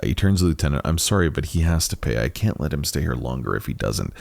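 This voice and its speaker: A man's voice: a bass voice, sing-song, fast talker, gravelly, darkish tone, slight background noise. A man hosting a let's play, reading a game's dialogue aloud and musing between lines. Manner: musing, reads all parts with shifting voices. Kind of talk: reading game dialogue aloud while playing.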